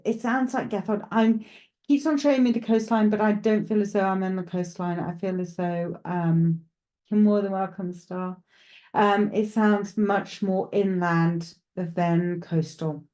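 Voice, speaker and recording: A woman runs a live psychic reading, talking straight to her unseen viewers as she goes. Her voice is mellow and unhurried at its core. She pauses, restarts and thinks out loud as she works things out. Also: medium pitch. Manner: chatty, thinks aloud, addresses viewers directly; hesitant, with frequent restarts while working things out. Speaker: psychic medium. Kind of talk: live streamed mediumship reading.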